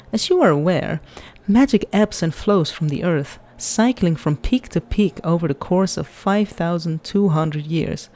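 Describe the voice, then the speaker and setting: A woman voicing a pompous male envoy who speaks slowly, savoring every word. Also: fairly low pitch, mellow, natural voice. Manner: slow, savoring each word.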